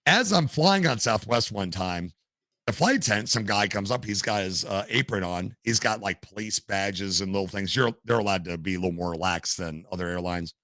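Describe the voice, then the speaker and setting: An older man, a podcast guest, telling stories in a casual, animated way and acting out what others said. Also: on the low side, normal speed, no room sound. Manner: animated storyteller, acts out quotes. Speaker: podcast guest, gamer and streamer. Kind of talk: casual storytelling interview.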